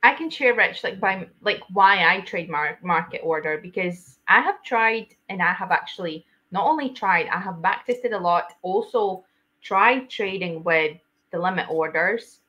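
A woman with a bright, sharp voice hosts a live trading stream and chats in an animated way. The sound is dull and lo-fi, typical of stream audio. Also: fairly low pitch, unhurried. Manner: animated, laughs easily, explains with fillers. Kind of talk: casual trading chat.

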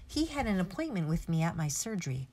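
A woman's voice: on the low side, very animated, fast talker, darkish tone. A woman reading aloud, voicing a mischievous, talkative little old male country doctor. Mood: gossipy. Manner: chatty, mischievous storytelling. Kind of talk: audiobook character reading.

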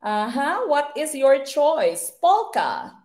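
Young filipino woman running an online review class, mixes english and tagalog, bright and lively, pitch a bit high. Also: slow pace. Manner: switches between English and Tagalog, polite with "po", lively and expressive. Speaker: exam review teacher.

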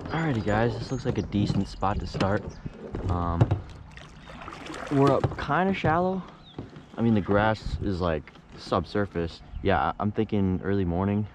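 Sitting in a kayak on an outdoor lake, a young man with a low voice gives a slightly slow, casual play-by-play for his fishing vlog. His mood shifts from soft musing to loud, frustrated outbursts, and he's easily excited. Steady background noise runs under the outdoor camera audio.

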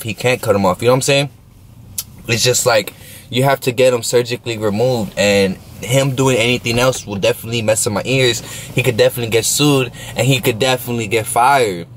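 A young man telling a story in a casual vlog, slangy and rambling, often asking if you know what he's saying. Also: medium pitch. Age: young adult. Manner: laid-back, smoking while talking.

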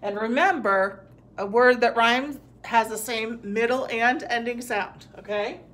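A woman's voice: a little high, unhurried, a bit bright. A woman teacher giving a recorded phonics lesson to young children, patiently sounding out words and praising answers.

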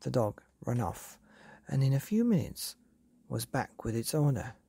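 Calm, husky woman reading a bedtime story. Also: a bass voice, measured pace, dry recording, studio quality.

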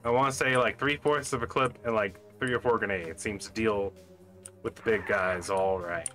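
A gaming channel host playfully narrates his own run through a shooter game, cracking jokes and talking to himself along the way, with game music behind him. His voice is fairly low and a bit bright, with a steady tone and moderate pace.

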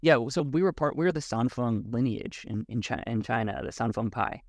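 A man as a podcast guest, talking in a thoughtful, halting way with many restarts. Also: medium pitch, animated, dry recording, studio quality. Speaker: podcast guest, Wudang martial arts teacher. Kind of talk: casual conversation.

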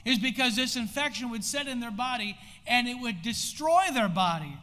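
An American pastor with a high voice preaches a sermon in a church sanctuary, building in intensity and breaking into sudden shouts. He's expressive and fairly quick, and the recording carries long hall reverb from the church.

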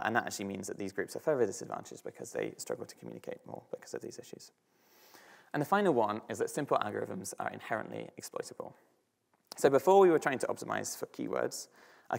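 A man's voice: lowish voice, vocal fry. A man with a British accent giving an academic talk on slides, thinking aloud with frequent fillers and restarts. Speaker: student speaker.

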